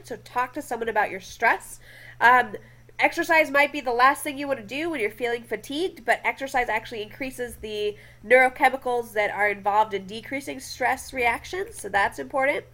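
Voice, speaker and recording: Brief: young woman, high voice, chatty lecturer working through slides, keeps checking in with the class. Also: brisk, fairly bright tone. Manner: chatty, often checks in with "okay?".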